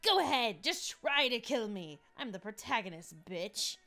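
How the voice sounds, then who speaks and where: A woman's voice: on the high side, big pitch swings, moderate pace, bright, forceful tone, soft background music, heavily acted. A woman voicing a smug, self-righteous teenage girl heroine in a video game who taunts the others.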